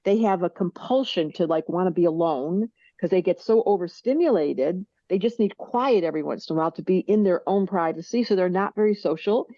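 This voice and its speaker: An older woman, a guest on a podcast, explaining things in a lively way and acting out little voices as she goes. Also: on the low side, fairly quick, hardly any pauses, no echo, muffled recording. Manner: animated, acts out little character voices. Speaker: astrologer guest. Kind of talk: podcast interview.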